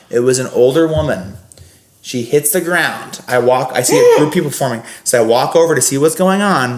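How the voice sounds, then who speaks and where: A young man, a podcast guest, telling stories in a casual, animated, rambling way with lots of fillers. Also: mid-range voice. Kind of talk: casual storytelling. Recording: roomy echo.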